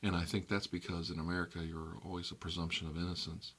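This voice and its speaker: Low, husky man ranting softly. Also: flat delivery, fast talker. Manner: conversational, wry, drifting between soft whispers and emphatic outbursts. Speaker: ASMR channel host. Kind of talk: soft-spoken ASMR rant about news media.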